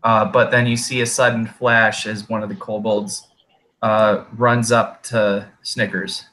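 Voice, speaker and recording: A man runs a tabletop game, describing the scene at a relaxed, deliberate pace. His voice is bright and forward, and he talks players through the action patiently, leaning on fillers. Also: fairly low pitch. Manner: unhurried, filler-heavy, explaining patiently. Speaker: game master.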